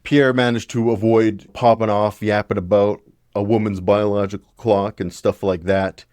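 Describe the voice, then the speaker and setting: A man's voice: lowish voice, flat delivery, normal speed, darkish tone, dry recording. A young man hosting his own show, giving opinionated, conversational political commentary with a blunt edge. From Canada.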